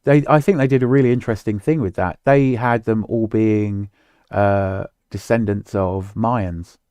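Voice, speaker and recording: A man's voice: on the low side, fairly even intonation, a little slow, a little mellow, clear, resonant tone, no room sound. A man co-hosting a casual podcast chat, rambling, swearing casually and trailing off mid-sentence. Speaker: podcast co-host.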